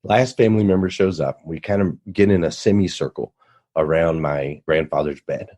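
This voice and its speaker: A man's voice: deep voice, moderate pace, warm tone. A man telling a personal story as a podcast guest, earnest and motivational, building to emphatic points. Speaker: radio show host, podcast guest.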